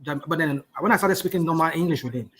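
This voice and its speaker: A man with a Nigerian accent in a casual group chat, talking in quick, animated bursts and defending himself. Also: a little high, breathy edge. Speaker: chat participant.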